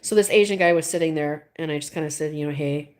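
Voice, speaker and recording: Talking fast in a low voice, a middle-aged woman tells viewers a rambling story, restarting often and laughing between phrases. It's casual stream chat.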